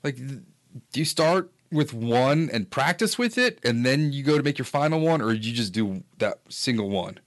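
A man's voice: mid-range voice, animated, normal speed. A man hosting a casual chat, interested and asking follow-up questions.

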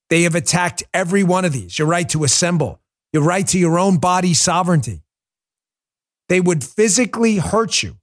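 Man, political show host, high-pitched voice, fiery ranting delivery. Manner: fiery, emphatic, repetitive ranting. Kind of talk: heated political monologue.

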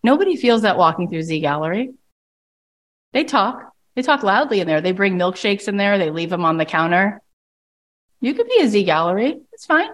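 A woman's voice: medium pitch, moderate pace. A woman coach leading a group call, talking emphatically and bluntly and jumping into mocking voices to make her points. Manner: emphatic and animated, with big swings into mocking voices; blunt and profane at times. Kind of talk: impassioned coaching talk.

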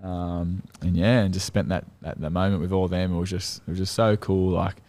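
A young Australian man with a notably deep, low-pitched voice talks as a podcast guest. He rambles through his story in a casual way, packed with "like" and "um" and breaking into short laughs. It is relaxed, unpolished talk. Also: brisk. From Central Coast, Australia. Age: young adult. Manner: rambling, filler-heavy, laughing as he recounts.

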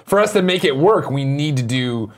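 A man hosting a morning show, talking in animated, jokey bursts and saying he is out of breath. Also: fairly high pitch, moderate pace. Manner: animated, jokey, bursts of loud sing-song. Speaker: host. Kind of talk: casual morning show banter. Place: studio.

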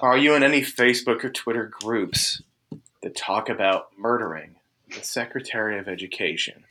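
A man voicing a tired male federal marshal, who asks questions in a low, flat way. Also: normal speed, slight background noise. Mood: weary.

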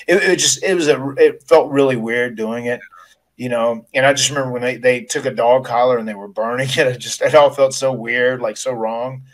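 A man's voice: mid-range voice, fairly even intonation, brisk. Middle-aged male podcast host, conversational storyteller who stumbles and restarts, mid-range voice. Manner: storytelling, frequent restarts, emotional recollection. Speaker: podcast host, retired wrestler. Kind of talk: casual podcast interview.

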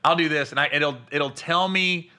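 A man hosting a casual chat, telling lively stories and laughing often. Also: a little high, normal speed, smooth. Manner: animated storyteller who laughs a lot. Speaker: podcast host.

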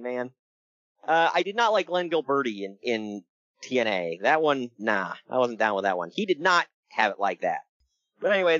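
Male podcast co-host, playful and animated, slightly higher pitch, dry muffled recording. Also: dry recording. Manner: animated, jokey, laughs often. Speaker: podcast co-host recapping wrestling. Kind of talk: casual chat.

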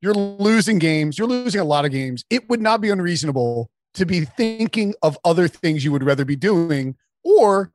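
A man guesting on a sports podcast, chatting casually and laughing often, with quick asides. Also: high voice, lively intonation, dry recording, clean studio sound.

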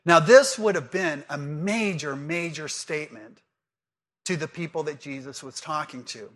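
A man preaching a sermon, quizzing the congregation and then teaching earnestly, reading scripture aloud slowly. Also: a little high. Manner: lively call-and-response with the congregation. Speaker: pastor.

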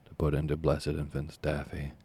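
A man's voice: extremely low pitch, monotone, moderate pace, dark tone, breathy edge, exaggerated voice. A man voicing a fawning, scheming woman who runs an orphans' home, gushing and falsely humble. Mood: coaxing. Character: fawning scheming older woman, a workhouse nurse.

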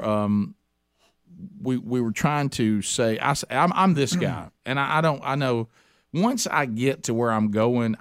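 A middle-aged man spins a long, animated story on a radio talk show, circling back through restarts and asides. His voice sits at an ordinary pitch. The recording is dry, with little room sound. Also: no room sound. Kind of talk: casual storytelling chat.

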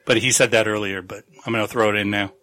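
A man's voice: fairly low pitch, fairly even intonation, fast, bright, forceful tone, rough recording. A man on a podcast casually recapping a novel's plot, rambling and swearing as he acts out the characters. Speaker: podcast co-host.

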